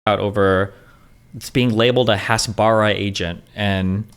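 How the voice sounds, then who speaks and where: A man's voice: fairly low pitch, steady tone, normal speed, clean tone. Blunt, profane streamer man. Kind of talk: casual livestream chat.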